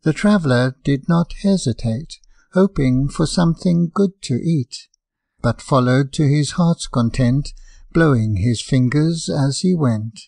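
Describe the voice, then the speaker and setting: A man reading rhyming fables as an audiobook narrator, in a measured, rhythmic verse delivery. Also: on the high side, creaky, darkish tone, dry recording, studio quality.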